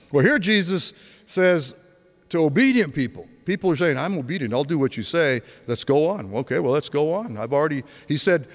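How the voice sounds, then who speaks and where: A man in his sixties preaching a sermon, telling stories with energy and dropping to a hush for emphasis. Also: a little high. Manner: animated storytelling, swings from loud to hushed. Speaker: pastor. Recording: long hall reverb.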